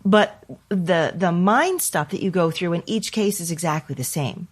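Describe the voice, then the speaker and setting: A woman hosting a reflective conversation, calmly coaching and acting out worried self-talk. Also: on the low side, moderate pace, husky. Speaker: podcast host and teacher.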